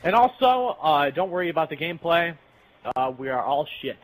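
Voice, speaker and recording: A man's voice: a little high, big pitch swings, normal speed, poor audio. A young man casually telling a rambling, profane story while playing a game with friends. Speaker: channel host.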